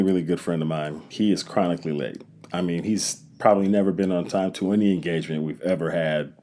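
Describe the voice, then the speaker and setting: Guy doing a solo podcast, deep mellow voice, chatty storyteller vibe. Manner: storytelling, animated when retelling his rant. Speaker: podcast host.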